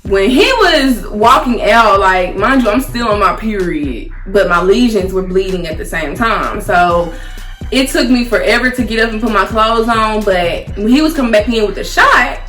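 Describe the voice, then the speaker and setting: A young woman speaks at a middle pitch and tells her story in a loose, conversational way. Her casual vlog delivery leans on "like" and "y'all". The recording has an echoey room sound with soft music in the background. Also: normal speed. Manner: chatty, animated, frequent "like" and "y'all". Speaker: vlogger.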